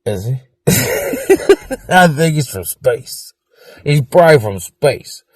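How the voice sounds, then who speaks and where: A man interviewed about his former band, talking in a rambling, profane, excitable way and laughing often. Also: mid-range voice, slow pace, slightly rough, no room sound. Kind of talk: casual documentary interview.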